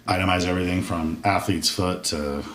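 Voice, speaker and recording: A man's voice: sits low, fairly even intonation, a little fast, fairly bright tone. A man in his forties, a military veteran guest on a podcast, telling his story in a candid, profane, casual way and acting out his past thoughts in quoted asides. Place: podcast studio room. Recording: roomy sound from a distant mic with faint noise.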